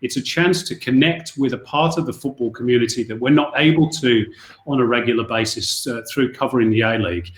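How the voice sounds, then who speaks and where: A man's voice: mid-range voice, a little fast. Middle-aged male football commentator from Northwest England, anecdotal and chatty, roomy echo. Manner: chatty, anecdotal, with many restarts. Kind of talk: podcast interview, storytelling.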